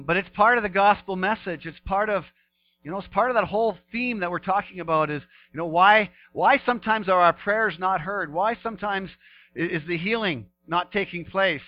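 High-voiced man preaching a sermon. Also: dull audio. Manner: animated preaching, voice rising to emphatic peaks then dropping soft. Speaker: pastor. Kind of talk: sermon with scripture reading.

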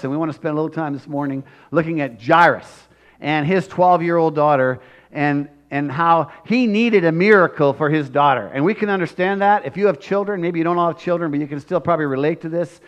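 Male pastor, high pitch, earnest sermon delivery that swells when pleading. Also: dull audio. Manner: earnest, swells loud and slows when acting out pleas.

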